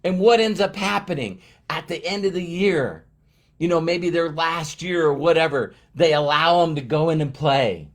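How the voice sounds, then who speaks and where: A man's voice: a little high, normal speed. A middle-aged man giving an emphatic motivational talk to his team, repeating key phrases for effect. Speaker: motivational speaker.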